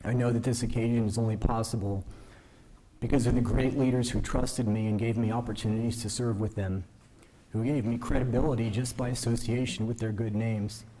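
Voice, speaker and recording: A man giving a measured, earnest formal speech at a ceremony, modest and self-deprecating. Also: on the low side, warm tone, a little hiss or hum. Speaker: newly invested justice giving a speech. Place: ceremony hall.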